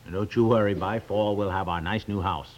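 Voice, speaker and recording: An actor playing a patient, easygoing husband and father in a 1950s radio comedy, calm and reasoning, sometimes mildly exasperated. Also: lowish voice, brisk, lightly acted. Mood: fatherly.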